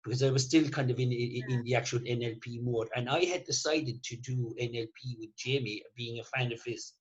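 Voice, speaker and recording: A man's voice: mid-range voice, steady tone, brisk, muffled recording. A man hosting a casual conversation, telling rambling stories with frequent restarts and laughter. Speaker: host.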